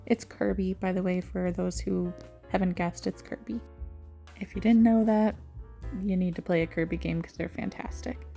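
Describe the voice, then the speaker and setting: A woman vlogger talks through a craft project in a relaxed, chatty voice-over, poking fun at herself. Her voice has a gravelly edge and a dark, mellow tone. Soft music plays faintly underneath. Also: on the low side, normal speed. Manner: chatty and self-mocking, with little laughs.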